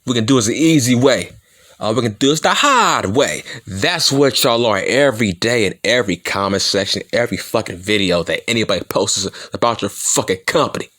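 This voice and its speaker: A lowish, brisk, slightly bright male voice with lively intonation belongs to a wrestling vlogger from Compton, California. His speech is slurred and mushy with stutters as he rants through a taunting, profane heel-style promo, combative and swearing often.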